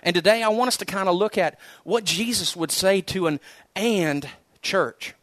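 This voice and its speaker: A middle-aged male pastor delivers a sermon in a loose, conversational way, often repeating words as he tells stories. His voice sits high for a man. The sound is dry and close, with no room around it. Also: normal speed, a bit bright, no room sound. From United States.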